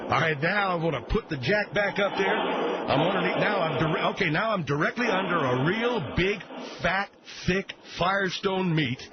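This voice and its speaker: A man's voice: high-pitched, lively intonation, moderate pace. A man doing a blustering folksy mechanic host. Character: folksy bigoted middle-aged mechanic host. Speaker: radio show host. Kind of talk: comedy radio sketch. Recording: muffled lo-fi, loud background noise.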